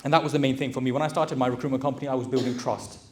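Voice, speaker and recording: A man's voice: mid-range voice, fairly even intonation, racing, a little hiss or hum. A man giving a direct, exhorting motivational talk to a live audience, calling them brothers. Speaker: motivational speaker and recruitment business owner.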